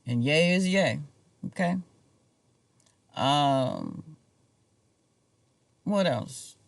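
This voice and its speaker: Slow, musing man vlogging. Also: a little high, expressive, gravelly, dry recording. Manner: casual, musing, chuckles to himself. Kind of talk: rambling personal monologue.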